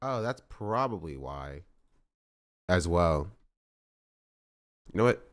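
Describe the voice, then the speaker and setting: A man with a low voice chats casually through a live stream, rambling between topics and thanking his subscribers. His delivery is loose and conversational, addressed straight to his viewers. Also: very animated, takes it slowly.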